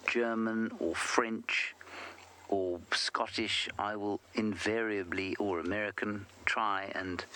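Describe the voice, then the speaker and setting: A man's voice: on the low side, bright, forceful tone, a little hiss or hum. A man working as a safari guide, chatting playfully and answering viewers' questions on a live wildlife broadcast from outdoors in the bush. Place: outdoors on a game drive in the bush.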